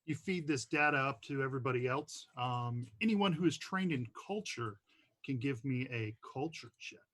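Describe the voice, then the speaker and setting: A man narrating a science-fiction tabletop game as game master, halting with fillers. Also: medium pitch, fairly bright tone.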